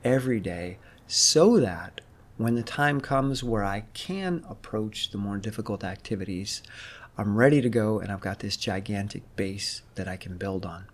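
A man's voice: on the low side, moderate pace. A man in his fifties, a fitness vlogger, talks to the camera in a casual, reflective way and thinks aloud. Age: 50s. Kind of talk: casual vlog monologue.

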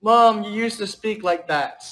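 A man's voice: high-pitched, a little slow, fairly bright tone. A man hosting a casual livestream, chatting with his parents and thanking viewers. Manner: chatty, talks about his day to viewers and family. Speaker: livestream host. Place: home indoors, outside a restaurant. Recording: echoey room with music playing.

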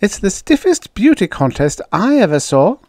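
A man's voice: sits high, very animated, moderate pace, darkish tone, no echo, clean studio sound, pitched above the performer's own voice. A man voicing a hefty, good-natured young brunette contestant who speaks in an earnest, wistful way.

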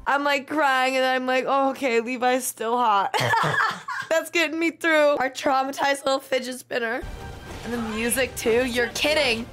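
A young woman reacting to an anime trailer, emotional and excitable, swearing and breaking into shrieks and laughs. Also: high-pitched, unhurried, music in the background.

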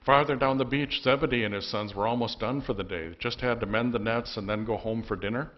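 A man's voice: mid-range voice, fast, few pauses, lo-fi sound. A male pastor with an Upper Midwest American accent, retelling a Bible story in a folksy, wry sermon in a church. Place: church sanctuary.

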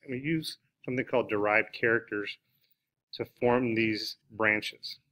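A biology teacher with a fairly low voice explains the subject in a recorded classroom lecture, speaking a little slowly with fairly even intonation and a pushed, bright quality. He talks unscripted, with frequent "uh"s and restarts.

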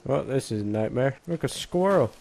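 A man's voice: medium pitch, expressive, moderate pace, gravelly, darkish tone, faint music behind. A man giving casual, crude, joking commentary over a video game, swearing often. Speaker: gameplay commentator. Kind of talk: casual let's play commentary.

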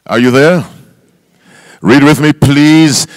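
A man's voice: medium pitch, very animated, slow pace, long pauses, fairly bright tone, dry recording. A male pastor preaching a sermon, quizzing his congregation with call-and-response questions and reading scripture aloud with emphasis. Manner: reads scripture aloud in King James wording; emphatic, spells out words for stress.

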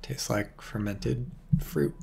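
A man's voice: mid-range voice, slow, creaky, crowd noise. A man streaming a strategy game, talking in a rambling, profane, sardonic way and reading out chat messages. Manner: reads chat messages aloud. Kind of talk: casual live-stream commentary.

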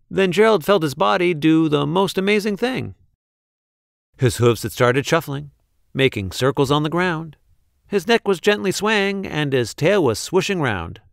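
A man reading a rhyming children's picture book aloud with a rhythmic, expressive delivery. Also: on the high side, vocal fry, dry recording, studio quality. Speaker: storybook reader.

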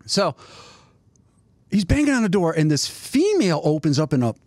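Male guest storyteller, animated, does voices, lively pitch, dry close mic. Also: normal speed, dry recording. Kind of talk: casual chat.

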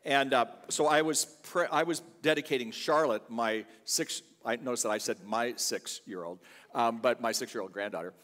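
A man's voice: mid-range voice, normal speed, fairly bright tone, big-room sound. An older man, a guest pastor, preaching a sermon full of chatty, humorous family stories in a church. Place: church sanctuary.

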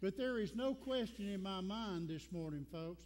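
A man's voice: high voice, lively intonation, moderate pace, darkish tone, a little hiss or hum. A man with a Southern American accent preaching a Sunday sermon as pastor, folksy and storytelling, repeating lines for emphasis. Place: church sanctuary. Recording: long church reverb.

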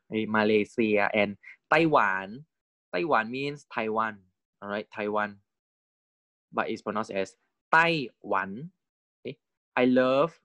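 A man teaching a language lecture in a measured, deliberate way, often checking in with the listener. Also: mid-range voice, fairly bright tone, no echo, dull audio. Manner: deliberate, keeps checking in with "right?" and "correct?". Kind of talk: recorded lecture.

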